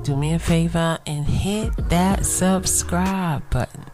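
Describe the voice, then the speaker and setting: A podcast host with a lowish voice talks slowly over background music on her own casual solo show. She's chatty and affirming and often asks listeners "right?", though she sounds tired.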